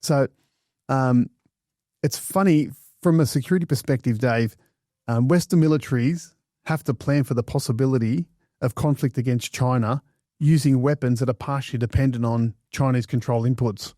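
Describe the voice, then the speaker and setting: A man's voice: mid-range voice, normal speed, warm tone, no echo, clean studio sound. A man co-hosting a podcast in a chatty, questioning way, with crude jokes now and then. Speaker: podcast co-host. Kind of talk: casual podcast chat.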